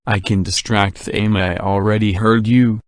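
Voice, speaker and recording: A man's voice: fairly low pitch, measured pace, dry recording, clean studio sound, close to an everyday voice. A man voicing a clever young girl who whispers eagerly, in an audiobook reading. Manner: whispering, excited.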